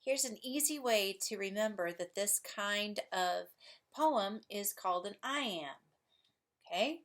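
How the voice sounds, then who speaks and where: A woman's voice: mid-range voice, animated, unhurried, fairly bright tone. A woman teacher recording a lesson video for her class, explaining patiently step by step and stressing syllables aloud.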